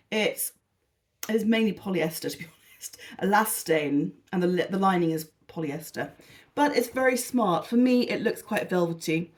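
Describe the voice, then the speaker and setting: A British woman vlogger talking casually through a haul video, rambling, gushing and poking fun at herself, a little tired. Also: medium pitch. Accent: British English. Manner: rambling, self-deprecating and gushing. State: tired and lethargic.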